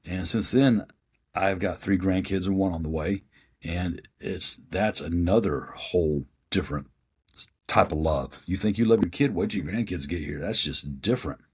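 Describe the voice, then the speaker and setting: A man in his fifties with a deep, very husky and raspy voice. He speaks as a podcast guest, telling his story in a plain-spoken, earnest way. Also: normal speed. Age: 50s.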